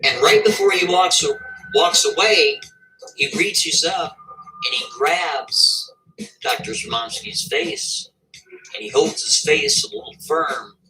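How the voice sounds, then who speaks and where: A man telling a story casually and with animation, often checking in with the listener with a quick "right?". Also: on the high side, lively intonation, sharp tone, faint music behind, rough recording.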